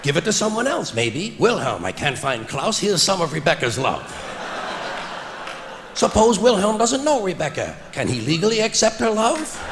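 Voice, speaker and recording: Wry stand-up comic in an echoing hall. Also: male voice, sits high, background noise. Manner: wry, deadpan delivery building to loud punchlines. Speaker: stand-up comedian. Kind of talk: stand-up comedy routine. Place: theater stage before an audience. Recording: live vinyl recording with long hall reverb and audible audience.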